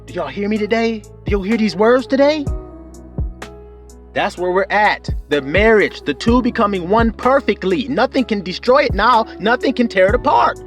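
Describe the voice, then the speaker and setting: A high-pitched male preacher with wildly lively swings of pitch, preaching with fervor. He calls out to his listeners, whoops and shouts. Faint music plays underneath. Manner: fervent, call-and-response preaching with whoops and shouts. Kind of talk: sermon.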